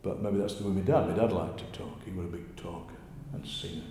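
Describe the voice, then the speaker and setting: Yorkshire man, storyteller, animated, roomy reverberant sound. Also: sits low, quick pace, slight background noise. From Yorkshire, England. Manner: chatty, animated storyteller, often laughing. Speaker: poet interviewee. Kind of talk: conversational interview. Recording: echoey room with long reverb.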